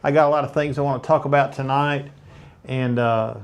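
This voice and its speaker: An older man with an easygoing Southern American drawl chats his way through a live stream from his home studio. He talks in a folksy, meandering manner, full of small asides as he sets things up. His voice sits at an ordinary middle pitch. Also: steady tone, smooth. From East Tennessee, USA. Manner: folksy, rambling, unhurried asides. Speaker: photographer hosting a live stream. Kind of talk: casual live-stream chat.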